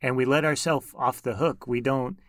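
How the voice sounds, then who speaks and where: A man co-hosting a podcast talks in a thoughtful, reflective way and stops now and then to find his words. His pitch is middling for a man. The sound is dry and close to the mic. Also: fairly even intonation, moderate pace, fairly bright tone, no room sound. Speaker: podcast co-host. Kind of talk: conversational podcast talk.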